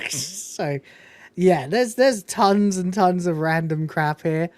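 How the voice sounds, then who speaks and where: A woman's voice: fairly low pitch, slow pace. A woman, co-hosting a fan review show and chatting casually with many ums while recapping scenes. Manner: chatty, frequent ums and swearing, acts out the characters' quotes. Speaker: podcast co-host reviewing a TV episode.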